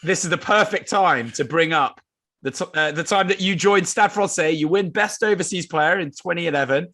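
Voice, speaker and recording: Podcast host setting up a question. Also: male voice, on the high side, normal speed, sharp tone. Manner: leading the guest into a story. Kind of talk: interview question.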